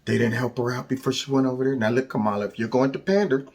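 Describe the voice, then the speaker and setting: A man's voice: mid-range voice, steady tone, fast talker, darkish tone. A man hosting a political commentary vlog, speaking casually with sarcastic, emphatic jabs and repeated catchphrases. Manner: mocking, sarcastic, emphatic and repetitive; casual, colloquial speech.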